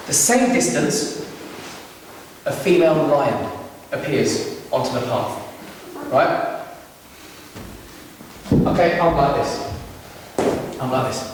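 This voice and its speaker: A man doing stand-up, telling a long story in an animated way with plenty of asides and acted-out quotes. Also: a little high. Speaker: stand-up comedian. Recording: roomy hall, distant mic, faint noise.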